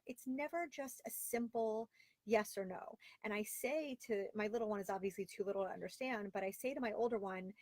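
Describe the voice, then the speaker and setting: A woman's voice: medium pitch, no echo. A woman in her thirties hosting a casual live stream from home, talking candidly and with exasperation and reading out viewer comments. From Florida, via Long Island. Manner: candid, exasperated and chatty, with lots of "like". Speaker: host of a live video show. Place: home closet.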